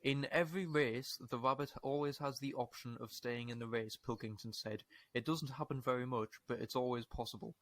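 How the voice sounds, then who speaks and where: A British man on a podcast, reading a story aloud to his co-hosts and acting out the quotes with a laugh and the odd swear word. His voice is at an ordinary pitch, and the recording is dry and close, with no room sound. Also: fairly even intonation, fairly quick, few pauses, fairly bright tone, dry recording. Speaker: podcast co-host.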